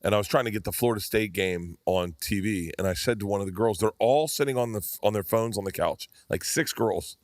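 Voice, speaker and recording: A man's voice: fairly low pitch, a little fast, few pauses, no echo, clean studio sound. A man in his fifties, a podcast guest telling rambling stories in casual chat and acting out quotes as he goes. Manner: rambling, animated storyteller who acts out quotes.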